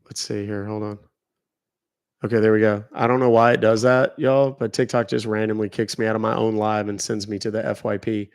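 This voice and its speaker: Gravelly man chatting on a livestream. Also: on the low side, flat delivery, a little fast, dry recording. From Texas. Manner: rambling, chatty, answering viewer comments. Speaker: livestream host. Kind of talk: casual livestream chat.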